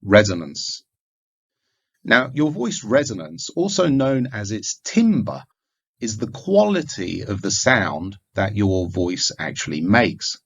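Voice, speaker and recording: A male lecturer with a low, gravelly, husky voice that still rises and falls a lot. He explains each point in a measured way with occasional fillers. The recording sounds dull and lo-fi. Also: very animated, a bit bright. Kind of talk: recorded lecture on communication skills.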